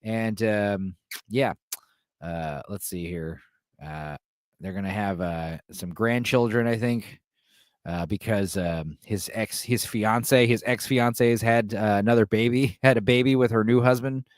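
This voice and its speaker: A man's voice: on the low side, measured pace, dry recording, studio quality. Irreverent man recapping a film. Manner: irreverent, joking retelling. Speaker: podcast host.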